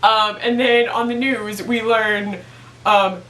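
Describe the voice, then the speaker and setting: A chatty young woman recaps a TV episode in a loose, giggly way, full of "like" fillers. Her voice is bright and sharp. She sits a little back from the mic in an echoey room. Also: on the high side, flat delivery, takes it slowly, distant mic. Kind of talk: casual recap chat.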